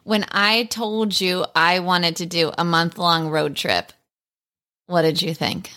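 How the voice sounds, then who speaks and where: A woman in her thirties hosts a podcast in a bright, sharp-toned voice. She talks in an upbeat, lighthearted and quick way, like casual chat with friends. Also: fairly low pitch. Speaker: podcast host.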